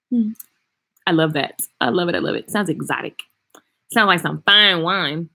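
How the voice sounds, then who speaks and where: Woman vlogger, lowish pitch, blunt and chatty, answering comments live; loud bursts then quiet asides. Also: normal speed, vocal fry. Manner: frank, chatty, animated with swings in loudness. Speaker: hairstylist and vlogger. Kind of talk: casual livestream chat reading viewer comments. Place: traveling, indoors.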